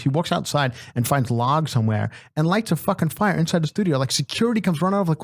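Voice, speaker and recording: Profane, animated male comic storyteller. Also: a little high, quick pace, no echo. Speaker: podcast host. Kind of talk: casual storytelling.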